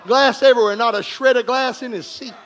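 Male pastor, animated sermon storytelling, crisp bright tone, humorous, shouts for emphasis. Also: very high voice, brisk. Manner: animated, joking, breaks into shouts. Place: church congregation room.

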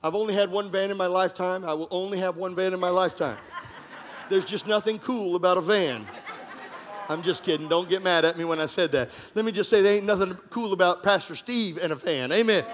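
A pastor preaching an energetic sermon to his congregation, telling stories with jokes and bursts of shouting. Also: high-pitched, brisk. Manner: animated, joking, breaks into shouts. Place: church congregation room.

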